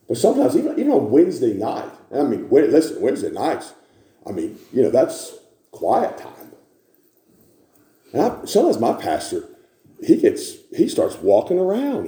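A man preaching a sermon in a church, building to repeated shouted refrains. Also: mid-range voice, echoey room.

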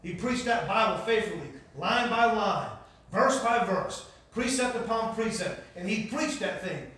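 A fairly high-voiced man preaches his own testimony with an emphatic, repeating cadence that builds line by line. His voice rings in a very echoey hall and is picked up from some distance, with a faint hiss underneath. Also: expressive, measured pace, fairly bright tone. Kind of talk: sermon testimony.

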